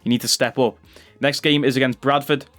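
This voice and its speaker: Male gaming YouTuber, chatty play-by-play that jumps to loud cheers. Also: mid-range voice, brisk, soft background music. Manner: chatty, excitable, bursts into loud cheers on goals. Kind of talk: gameplay commentary.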